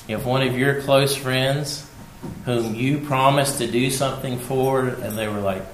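A man preaching a sermon, repeating his key phrases for emphasis and swinging between hushed and loud delivery. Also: medium pitch, steady tone, a little slow, echoey room, slight background noise, rough recording.

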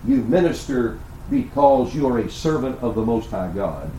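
A man preaching a sermon, swinging between hushed, intimate asides and loud, emphatic declarations. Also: medium pitch, very animated, normal speed, slight background noise, low-quality recording. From United States. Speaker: pastor.

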